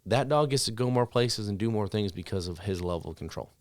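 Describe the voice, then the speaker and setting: A man's voice: fairly low pitch, lively intonation, brisk, a little mellow, no echo. A man co-hosting a podcast, chatting casually and telling stories with lots of fillers like "like" and "you know". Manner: conversational, storytelling with many fillers. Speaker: podcast co-host, dog trainer. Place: studio.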